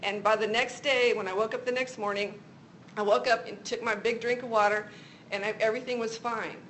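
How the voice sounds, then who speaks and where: A woman's voice: fairly high pitch, fairly even intonation, a little fast, a bit bright, slight background noise, poor audio. A middle-aged woman co-hosting a Christian talk show, giving an earnest faith teaching and telling personal stories. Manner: earnest, testimony-style storytelling.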